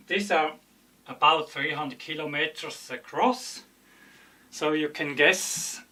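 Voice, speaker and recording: A man giving a casual, hesitant explanation while pointing things out on a map, often pausing to search for words. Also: fairly high pitch, sharp tone. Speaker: video explainer.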